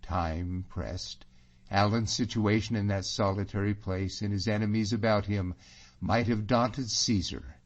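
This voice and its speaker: A man narrates an audiobook in a low voice and an unhurried, measured way. The recording sounds dull and lo-fi. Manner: even, measured storytelling.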